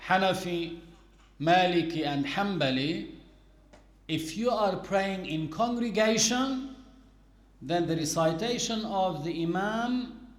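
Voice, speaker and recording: A man giving a religious lesson, explaining rules deliberately with everyday examples. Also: high voice. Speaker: Islamic teacher. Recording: echoey room.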